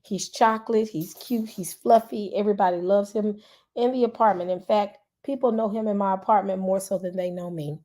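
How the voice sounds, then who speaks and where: A woman's voice: mid-range voice, a little fast. Chatty woman in her forties. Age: 40s. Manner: chatty and animated, calls out to viewers, frequent "y'all". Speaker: YouTube channel host. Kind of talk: casual livestream chat.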